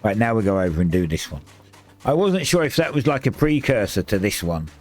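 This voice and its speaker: Low-voiced guy streaming a game, relaxed chatty commentary, music and typing behind. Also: fairly quick. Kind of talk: casual gameplay commentary. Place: home streaming setup.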